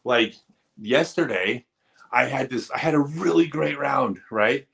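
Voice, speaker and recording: A man's voice: mid-range voice, unhurried, creaky, fairly bright tone. A man hosting a live stream, answering viewer questions in a candid, earnest, casual way, sometimes joking and teasing. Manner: candid, earnest advice-giving.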